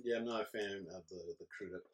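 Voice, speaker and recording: A man's voice: fairly low pitch, fast. A man co-hosting a podcast, making blunt opinions and dry quips in casual movie talk. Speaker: podcast co-host. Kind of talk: casual movie review chat. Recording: echoey room with faint noise.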